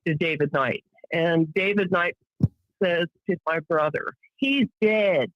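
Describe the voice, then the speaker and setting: A woman's voice: low-pitched, fairly even intonation, unhurried, no room sound. A middle-aged woman speaks as a podcast guest, telling a painful personal story in vivid detail. She acts out what others said as she goes. The sound is close and dry, with a dull lo-fi tone. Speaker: interview guest. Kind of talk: emotional personal account.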